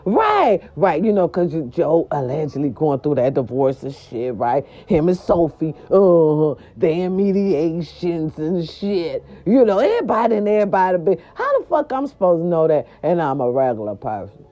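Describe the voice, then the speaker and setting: A woman vlogger chatting casually about celebrity gossip, animated and profane, her voice swooping up high for emphasis. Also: moderate pace, hardly any pauses, dull audio.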